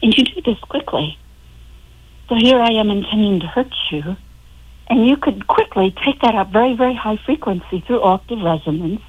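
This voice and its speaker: Calm woman guest on a phone line. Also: medium pitch, husky. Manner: calm, unhurried, instructive. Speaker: radio show guest. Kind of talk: guiding a sound imagery exercise.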